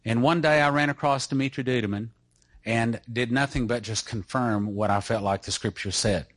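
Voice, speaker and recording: Middle-aged man, church speaker with a testimony style, mid-pitched, dry close sound. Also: fairly even intonation, moderate pace, a bit bright, no echo. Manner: earnest, storytelling. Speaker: church speaker introducing a guest. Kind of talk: testimony-style talk to an audience.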